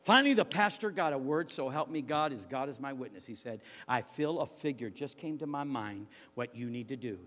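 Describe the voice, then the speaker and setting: A male preacher telling a story in his sermon, very animated, swinging from hushed tones to shouting and stammering for comic effect. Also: medium pitch, brisk, hardly any pauses, big-room sound.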